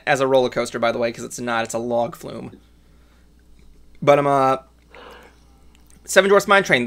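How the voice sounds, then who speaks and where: A man's voice: medium pitch, bright, forceful tone. A man hosting a casual chat show, rambling with lots of fillers and restarts. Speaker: podcast host.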